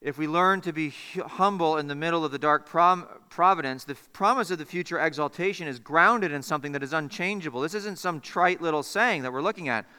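A man's voice: on the high side, brisk, hardly any pauses, smooth, in a large hall. A man preaching a sermon as pastor, earnest and building to impassioned appeals. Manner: earnest, rising to impassioned appeals, then hushed.

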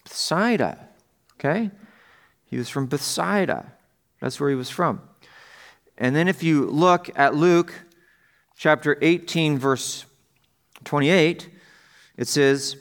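A male pastor delivers a sermon conversationally, frequently checking in with the congregation, asking them questions, and raising his voice to stress points. His voice is a little high and a bit bright, and he speaks slowly with frequent pauses.

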